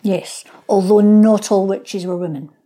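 A local historian, a woman, explains things in an interview, at times acting out the voices of the people she describes. Her mid-range voice is warm and steady, and she speaks at a measured pace.

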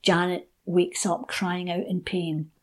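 A woman telling a folk tale aloud, expressive and shifting between hushed and lively. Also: on the low side, slow. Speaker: storyteller guest. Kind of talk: oral folk storytelling.

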